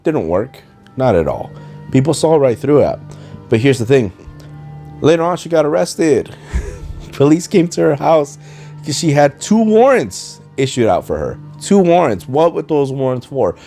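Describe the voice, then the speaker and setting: His mid-range voice is warm and creaky, sing-song and a little slow, as he hosts a rambling home podcast. He speaks English with a slight Spanish accent and rolled R's, often losing his train of thought. A running dishwasher and faint video game music fill the background.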